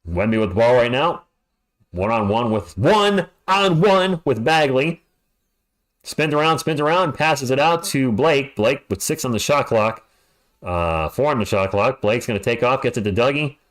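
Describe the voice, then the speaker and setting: A man's voice: medium pitch, lively intonation, a little slow, fairly bright tone. A man calling a basketball game live as a fan commentator, chatting and ranting between plays. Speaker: play-by-play commentator.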